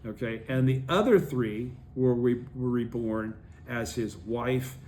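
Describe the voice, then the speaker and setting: A man's voice: medium pitch, slow pace, darkish tone, a little hiss or hum. A man leading a study group, reading a text aloud and explaining it, often checking that his listeners follow.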